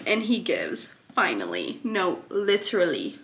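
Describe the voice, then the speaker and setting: A young woman talking casually and excitedly in a book reaction vlog, slangy and swearing, rushing and then drawing out her words. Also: medium pitch. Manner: excitable, gushing, swings between rushed and drawn out. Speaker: book vlogger.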